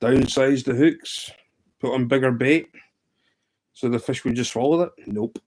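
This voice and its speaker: A man's voice: medium pitch, measured pace, darkish tone, rough recording. A man hosting a casual livestream, telling fishing stories in a chatty, laughing way. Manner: chatty storyteller, often laughing. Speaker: livestream host.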